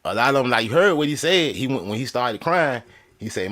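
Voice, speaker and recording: A man's voice: mid-range voice, sing-song, a little fast, bright, forceful tone. A man ranting in a profane, mocking way, often laughing as he talks. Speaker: vlogger. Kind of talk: profane comedic rant. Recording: crowd chatter and noise behind.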